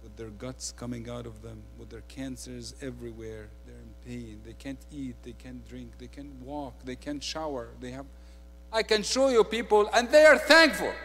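A man with an Egyptian accent preaching a sermon, swinging between quiet, intimate asides and loud, emphatic declarations. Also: medium pitch, normal speed, big-room sound, a little hiss or hum.

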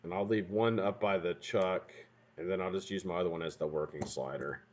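A man's voice: low voice, a little fast, a little mellow. A man hosting a casual live stream from a room at home, chatting and swearing freely while building something at his bench. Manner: rambling, profane, joking asides to chat. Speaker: livestream host building vape coils. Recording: dull lo-fi stream audio.

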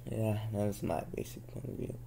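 Young dude venting on a vlog, repeats himself, flares up loud now and then. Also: male voice, on the low side, fairly even intonation, normal speed, vocal fry, a little hiss or hum. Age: young adult. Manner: venting, frustrated, with sudden loud outbursts; slangy, repeats himself, laughs at his own jokes. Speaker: vlogger. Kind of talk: casual ranting monologue.

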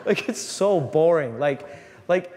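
A man, a priest, giving an animated, joking talk to a live audience, often restarting his sentences. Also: on the high side, slow. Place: large hall. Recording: long reverb in a hall, faint room noise.

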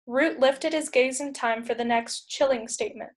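A woman teacher narrates a chapter book aloud in a steady, clear way. Her voice sits a little high for a woman. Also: moderate pace, hardly any pauses. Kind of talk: read-aloud storybook narration.

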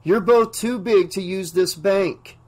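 A man reading aloud and voicing a delirious male bank clerk who talks in a calm, deferential but firm way. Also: high voice, slow, voice pushed up. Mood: dreamy, formal. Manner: dreamy, deferential yet firm.

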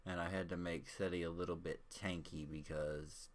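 A man's voice: low voice, normal speed. A man chatting casually through gameplay commentary at home into a desk microphone, with the hiccups breaking up his phrases. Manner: relaxed, chatty, with small hiccups between phrases. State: has the hiccups.

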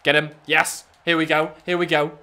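A young man giving cheeky, excitable live commentary over a wrestling video game, often talking straight at the screen. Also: a little high, moderate pace. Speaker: gaming YouTuber.

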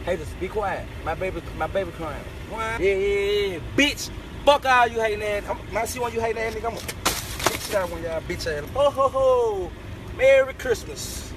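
A man's voice: high voice, a little fast. A young man, bragging and trash-talking in a casual phone video, repeating short phrases over and over. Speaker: rapper posting social media clips. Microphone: phone camera. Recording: outdoor street noise, passing cars.

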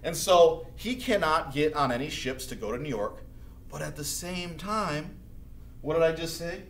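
A man's voice: on the high side, normal speed, fairly bright tone, slight background noise. Chatty male history teacher in an echoey room. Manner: casual and chatty, acts out historical figures in quotes. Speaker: high school history teacher. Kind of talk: recorded classroom lecture.

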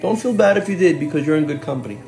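A male pastor preaching a sermon, swinging from soft and slow to shouting and repeating phrases for emphasis. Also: fairly high pitch, lively intonation, creaky, soft background music.

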